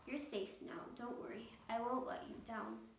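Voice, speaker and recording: A woman's voice: on the high side, normal speed, a little hiss or hum, natural voice. Woman doing a kind, earnest elephant. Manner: gentle, pleading. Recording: echoey room, mic at a distance.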